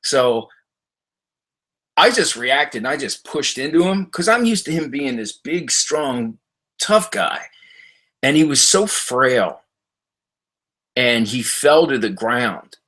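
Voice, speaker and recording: This middle-aged livestreamer speaks expressively in a fairly bright tone, chatting casually from his home library and replying to viewer comments. He tells stories haltingly, rambles, uses lots of fillers, and jumps high in pitch when impersonating others.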